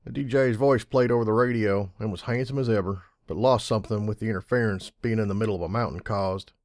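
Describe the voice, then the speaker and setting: A man reading fan fiction aloud in an audiobook style, measured and wry. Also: fairly low pitch, a little mellow, dry recording. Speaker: audiobook reader.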